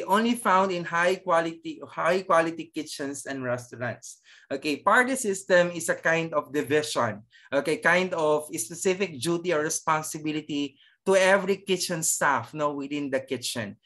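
A cookery teacher with a Filipino accent gives an online class lecture, mixing English and Tagalog, tagging sentences with "okay" and "no?", and often pausing on fillers and restarts. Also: mid-range voice, fairly bright tone. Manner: halting, with many restarts and fillers.

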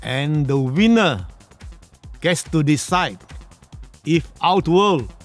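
Guy playing a pompous sorcerer announcer, super slow, a bit high. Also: expressive, soft background music. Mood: grand. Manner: slow, mock-grand announcing. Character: pompous male sorcerer narrator. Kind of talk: comedic fan-film narration.

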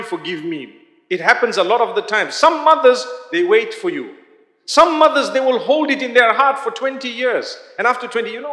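Male lecturer, high register, chatty preaching style that draws in the crowd; roomy hall sound. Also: a bit bright. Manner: conversational, often asks the audience questions. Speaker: Islamic lecturer. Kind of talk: live religious lecture to an audience. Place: large hall. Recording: echoey hall reverb.

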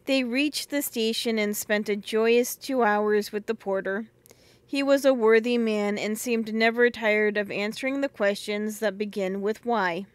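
A woman narrating a classic children's novel as an audiobook, measured and gentle. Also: medium pitch, fairly even intonation, clean tone, no room sound.

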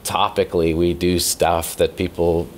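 A man's voice: low-pitched, little pitch movement, unhurried, slight background noise. A man talking casually as an interview guest, rambling with repeated words and easy laughs. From Canada. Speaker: podcast host as interview guest. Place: music store.

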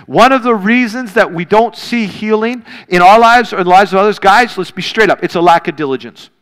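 A man's voice: high voice, a bit bright, clean tone. A man preaching a sermon as a pastor, earnest and direct, talking plainly to his congregation and pushing harder on key points. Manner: earnest, direct, conversational preaching with rising emphasis. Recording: long hall reverb.

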